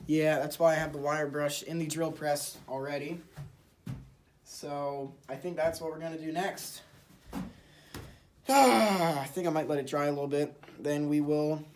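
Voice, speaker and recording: A man's voice: a little high, steady tone, unhurried, a little hiss or hum. A young man hosting a casual workshop vlog in his shed, easygoing and thinking aloud with fillers. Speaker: channel host.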